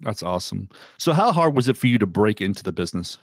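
Low, lively-voiced podcast host. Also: male voice, fast, husky, dry recording, studio quality. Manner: relaxed, asks questions. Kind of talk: casual interview.

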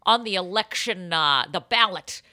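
Bright, giggly woman podcast host. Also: on the low side, expressive, moderate pace. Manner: giggly, loud, bursting into laughter. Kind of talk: casual comedy podcast chat.

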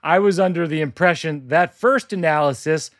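A man telling a comic story about a doctor's visit in a dry, deadpan way. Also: a little high, moderate pace, dry recording. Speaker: comedian workshopping a story.

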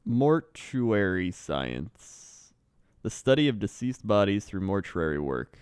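Smooth-voiced male podcast co-host, rambling storyteller, dry close mic. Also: fairly low pitch, very animated, slow, darkish tone, no echo. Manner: rambling, chuckling, loose. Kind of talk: casual storytelling chat.

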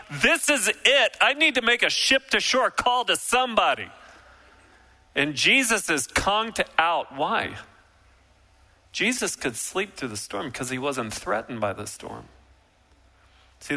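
A man preaching a sermon, emphatic and animated, acting out quotes and dropping to a soft, slow delivery for reflective points. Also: mid-range voice, rough recording. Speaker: pastor.

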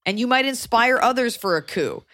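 A young woman co-hosting a casual advice podcast, blunt and jokey, with animated swings in her delivery. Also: fairly high pitch, normal speed, dry recording, clean studio sound. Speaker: podcast co-host.

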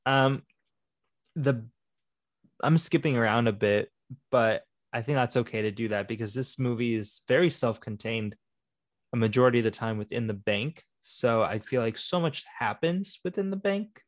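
A man's voice: mid-range voice, normal speed, dry recording, clean studio sound. Rambling man discussing a film. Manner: rambling, thinking aloud with fillers.

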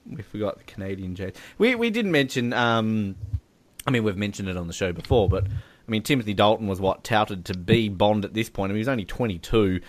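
An Australian man co-hosting a casual film chat, animated and quick to laugh. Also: lowish voice. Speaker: podcast co-host.

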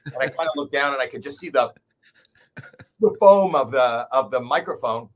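A man in his sixties, a guest comedian telling a story in casual chat, animated, swearing and poking fun at himself. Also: medium pitch, moderate pace. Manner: animated, profane, self-deprecating.

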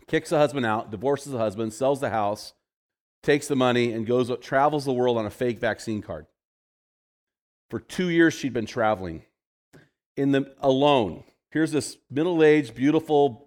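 A man's voice: mid-range voice, a little mellow. A man in his fifties, a pastor telling a story in a conversational sermon to a men's group, repeating phrases for emphasis.

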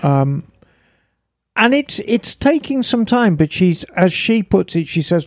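On a motorcycle podcast, a male co-host chats casually and spins rambling stories. His high-pitched voice is very animated though a little slow, recorded in clean studio conditions with no echo.

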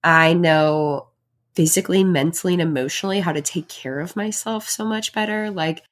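A pregnant woman with a lowish voice speaks at a moderate pace while hosting her own solo podcast. She sounds heartfelt and reflective, chatty and full of fillers as she shares personal thoughts.

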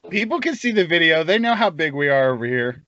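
A man's voice: a little high, very animated, fast, muffled recording, very noisy. A man co-hosting a podcast, cracking playful jokes in a casual video-call chat. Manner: joking, playful, wisecracking.

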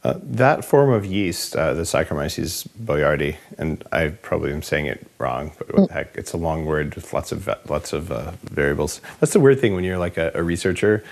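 A man hosting a health interview, talking in a relaxed, rambling, jokey way. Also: deep voice, fairly quick, creaky, hardly any pauses. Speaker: podcast host. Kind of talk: casual interview chat.

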